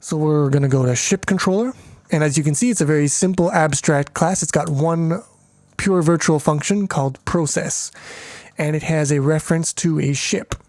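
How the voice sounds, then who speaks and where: A man's voice: a little high, normal speed, darkish tone, no echo. Man walking through code, rambling and crude. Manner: rambling, crude jokes and swearing; thinks aloud, many fillers. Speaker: programming tutor. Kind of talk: casual screencast code walkthrough.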